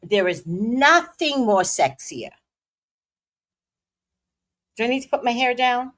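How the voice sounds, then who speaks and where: A woman's voice: fairly high pitch, lively intonation, slow pace, a bit bright. A middle-aged woman hosting a casual livestream, playful and dramatic with slangy asides. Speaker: psychic livestream host.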